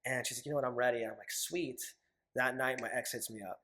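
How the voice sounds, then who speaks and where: A man's voice: medium pitch, fairly even intonation, fast, bright, forceful tone. Candid young man telling stories. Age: 20s. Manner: candid, acts out his own past quotes, swears freely. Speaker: podcast guest. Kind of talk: casual storytelling interview.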